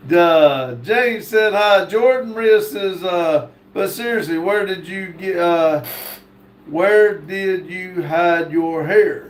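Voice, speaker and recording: A man's voice: high voice, takes it slowly, slight background noise. A man hosting a live stream, reading viewer comments aloud and stopping often on fillers. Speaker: livestream host. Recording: echoey room.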